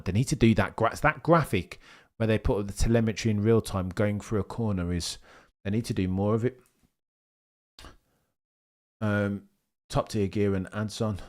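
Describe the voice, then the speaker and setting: A man's voice: lowish voice, darkish tone. A man hosting a casual livestream, reading viewer comments and chatting about the topic in a rambling way.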